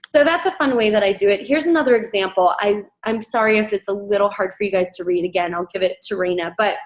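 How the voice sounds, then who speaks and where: A team coach shares recruiting tips in a casual presentation, talking fast, chatty and upbeat, with lots of fillers. Whenever she quotes someone, her voice jumps into a high, excited register.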